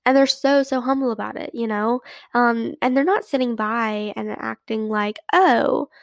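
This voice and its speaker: A woman's voice: on the high side, fairly even intonation, moderate pace, creaky, dry recording. A young woman hosting a casual solo podcast, chatty and rambling, full of fillers and restarts. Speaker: podcast host.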